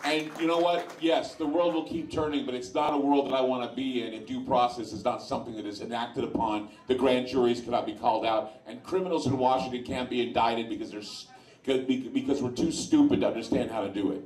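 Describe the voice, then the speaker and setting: A man's voice: mid-range voice, steady tone, fairly quick, darkish tone. Male host, blunt and opinionated, addressing a lounge crowd; echoey, distant room sound. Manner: blunt, opinionated, with crude asides. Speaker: radio host speaking to a live audience. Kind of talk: informal talk to a bar crowd. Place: sports lounge in front of an audience. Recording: echoey room, voice far from mic.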